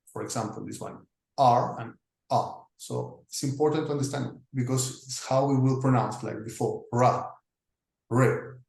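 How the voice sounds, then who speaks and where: A man teaching a lesson, talking through slides deliberately with frequent pauses and fillers. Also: mid-range voice, creaky, darkish tone. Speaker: English teacher. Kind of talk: slow explanatory lecture over slides. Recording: echoey room.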